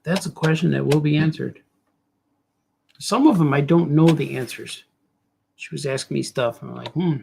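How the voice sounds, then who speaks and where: Gravelly middle-aged man rambling while drawing. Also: fairly high pitch, normal speed, long pauses, a little mellow, a little hiss or hum. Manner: joking, self-mocking asides. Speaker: cartoonist streamer.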